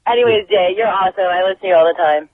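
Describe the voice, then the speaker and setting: A woman's voice: mid-range voice, racing, dry recording. A woman in her twenties from Canada calling in to a radio show, giggly and flirty. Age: 20s. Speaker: caller. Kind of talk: casual phone-in chat. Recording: tinny phone line.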